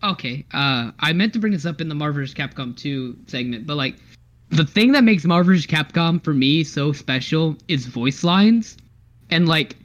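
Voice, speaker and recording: A young man co-hosting a podcast in casual chat. He is animated, laughs often and talks with many fillers. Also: fairly high pitch, normal speed, muffled recording. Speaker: podcast co-host.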